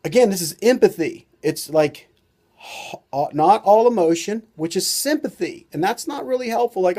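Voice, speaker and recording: A man's voice: high voice, lively intonation, normal speed, warm tone. A man who is a doctor and author gives an informal talk-to-camera lesson, rambling loosely with lots of "you know" and "like".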